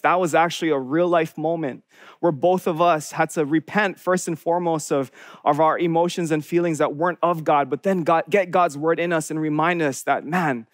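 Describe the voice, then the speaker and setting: Earnest young pastor, fairly high voice. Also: male voice, no room sound, studio quality. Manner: earnest, conversational preaching with restarts. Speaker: college pastor. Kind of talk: sermon.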